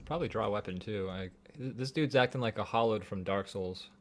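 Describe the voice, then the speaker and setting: A woman's voice: rumbling low, brisk, slight background noise. A woman co-hosting a let's play, making dry, joking, laid-back asides about the story. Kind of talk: casual gaming commentary.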